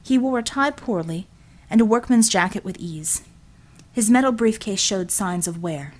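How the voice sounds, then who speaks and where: A woman narrating a story for an audiobook, in an expressive storytelling manner. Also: medium pitch, moderate pace.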